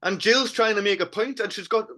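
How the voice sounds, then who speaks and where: Co-hosting a podcast, a man with a Geordie accent chats casually, passionately and with plenty of swearing. His voice sits high and comes across fairly quick, pushed and bright.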